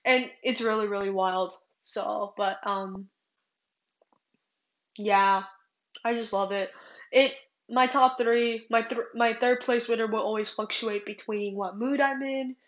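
A woman's voice: a little high, steady tone, unhurried, roomy sound, highs cut off. A woman from California hosting a casual solo podcast, rambling with many fillers and restarts. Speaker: podcast host.

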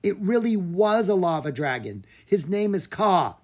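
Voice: mid-range voice, big pitch swings, unhurried, a little mellow, voice pushed up. A narrator voicing an earnest young girl in a children's storybook, who talks in a pleading way.

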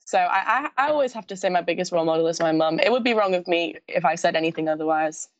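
A young woman of Scottish roots who moved to the UK at sixteen speaks with a mild Scottish accent as a pageant guest in a casual interview over video call. She's bubbly and gushing, laughing often, with a lowish, expressive voice at a quick pace. There's no room sound, and the highs are cut off.

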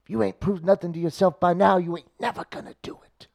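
A man's voice: high voice, steady tone, quick pace, vocal fry, a little mellow. A man chatting casually as a podcast co-host, playfully coaching another man like an acting teacher. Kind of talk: casual chat.

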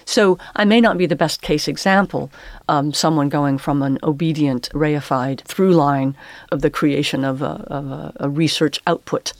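A woman who is a poet and English professor, speaking as a guest in reflective interview talk, pausing and searching for words in academic phrasing. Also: low voice, no room sound.

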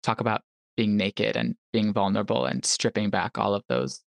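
A man's voice: lowish voice, moderate pace, vocal fry, no room sound, muffled recording. A young man as a podcast guest, casually telling a personal story and acting out what people said. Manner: animated storyteller who acts out quotes.

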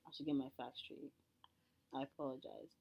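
A woman's voice: extremely low pitch, little pitch movement, fairly quick, warm tone. A young woman co-hosting a casual chat, retelling gossip in a wry, sarcastic way. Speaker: podcast co-host.

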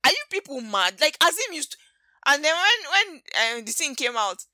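A Nigerian woman hosts her podcast, retelling movie drama in a lively, gossipy way with slangy asides. Her voice sits a little high and rings bright and sharp. The sound is dry and close, with no room around it. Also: normal speed, no echo. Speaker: podcast host. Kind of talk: casual movie recap chat.

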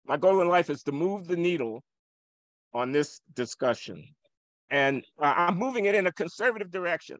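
Older man, high gravelly voice, emphatic and provocative, dry close sound. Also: expressive, moderate pace, a bit bright, no echo. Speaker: economist guest. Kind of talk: heated interview argument.

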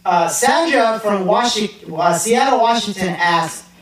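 High-voiced joking podcast host, a man. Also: expressive, a little slow, a bit bright. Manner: joking, laughs often, swears casually. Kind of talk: casual chat.

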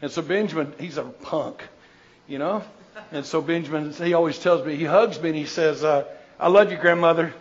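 An older man, a missionary, answering audience questions in an informal talk. He rambles through jokey, animated stories with many restarts. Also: fairly high pitch, moderate pace, lo-fi sound.

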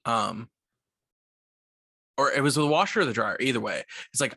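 A man's voice: mid-range voice, normal speed, gravelly, pauses often, breathy edge, no room sound, clean studio sound. A young man in his twenties, a podcast co-host telling a story in a casual, profane way, full of "like". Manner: profane, animated, lots of "like".

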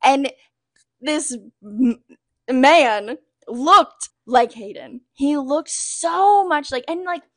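Animated high-voiced young woman. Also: drawn-out words. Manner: animated storytelling, giggly, filler-heavy. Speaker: podcast co-host. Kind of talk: casual chat. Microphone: wearing a bald cap.

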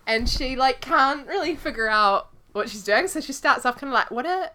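A woman's voice: high-pitched, moderate pace, bright, forceful tone. A woman co-hosting a casual podcast chat, teasing and laughing often while she talks. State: recovering from illness. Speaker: podcast co-host.

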